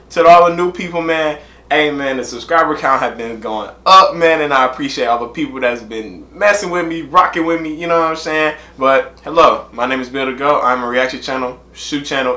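Young male reaction-vlog host, bright voice, loose slangy banter, echoey room. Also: mid-range voice.

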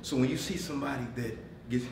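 A man giving a motivational talk to a room of managers, swinging from shouts to near-whispers, laughing often and calling on the audience. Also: mid-range voice, quick pace, roomy sound, distant mic, slight background noise. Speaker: motivational speaker. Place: meeting room.

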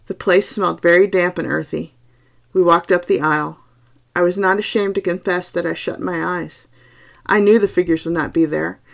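Low, gravelly woman reading a ghost story. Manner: slow, hushed, suspenseful. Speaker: podcast host reading a story.

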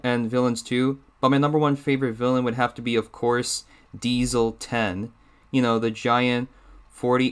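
A man's voice: medium pitch, a bit bright, clear, resonant tone. A man hosting his own channel, chatting casually in a rambling, hesitant way full of fillers. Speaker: YouTuber. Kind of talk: casual chat.

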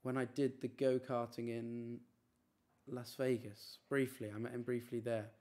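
A man's voice: medium pitch, flat delivery, a little mellow. Easygoing man chatting on a stream. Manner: chatty, easygoing, quick to brush off teasing. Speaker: streamer reading chat. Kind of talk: casual live-stream chat.

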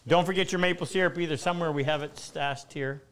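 A man's voice: on the high side, fairly even intonation, fast talker, fairly bright tone. A middle-aged man hosting a live woodworking stream, chatting loosely with frequent restarts. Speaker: host.

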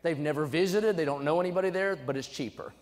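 Young male preacher, fairly high voice, emphatic sermon delivery, reverberant sanctuary. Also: fast talker. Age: young adult. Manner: emphatic, swings from low asides to loud exhortation. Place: church sanctuary. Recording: church sanctuary with long reverb.

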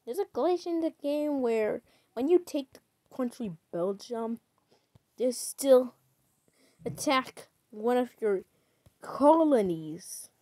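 A woman streaming a game, talking very slowly and drawn out in a fairly high voice. Her chatty commentary keeps jumping into loud, excited bursts. The sound is dry and close, with no room echo. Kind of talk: gaming livestream commentary.

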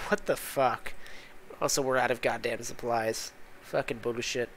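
A man's voice: medium pitch, steady tone, normal speed, fairly bright tone. Exasperated man swearing through gameplay. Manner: profane, exasperated muttering. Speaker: gaming channel host. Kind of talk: casual gameplay commentary.

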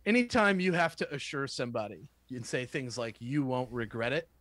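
A man's voice: mid-range voice, expressive, fairly quick, a bit bright, dry recording. A man talking as a guest sales trainer in a casual panel discussion, telling stories animatedly.

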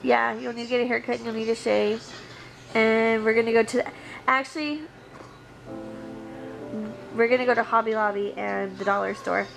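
A woman vlogging casually at home, chatty and excitable. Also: on the high side, moderate pace, creaky, pauses often, faint music behind, rough recording. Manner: chatty, excitable, sing-song baby talk to her pets. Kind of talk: casual home vlog chat. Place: living room at home. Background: TV show with cheering audience playing.

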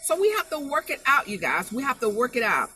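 A woman's voice: fairly high pitch, sing-song, fairly quick, sharp tone, faint music behind. A woman preaching an informal spoken sermon, emphatic and folksy, repeating her phrases to drive the point home.

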